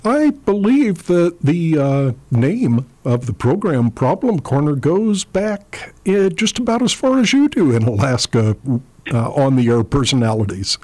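A man hosting a radio history program, asking questions in a measured, halting way. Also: fairly high pitch, sing-song, a little mellow. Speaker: radio show host. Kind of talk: radio interview.

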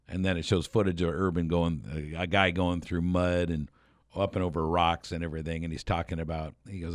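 A man's voice: low-pitched, fairly even intonation, fairly quick, no echo, studio quality. A man hosting a radio show, casually telling a rambling story with chuckles and restarts.

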